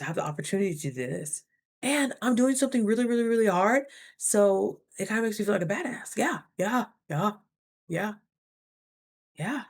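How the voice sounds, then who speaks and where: A young woman vlogging casually, chatty and animated, acting out her own thoughts in quick asides. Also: medium pitch, gravelly. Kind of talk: casual talking-to-camera vlog.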